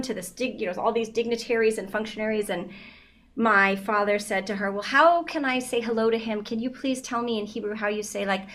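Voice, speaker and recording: A woman in her fifties, a guest in a casual interview, telling stories in an animated way with frequent laughter and many fillers. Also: fairly high pitch.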